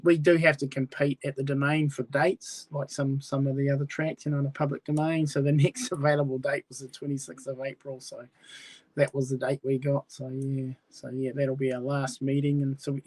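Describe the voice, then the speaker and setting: A man's voice: a little high, little pitch movement, normal speed, a little mellow. A man answering interview questions about his speedway club in an easygoing way, full of "yeah" and "you know". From New Zealand.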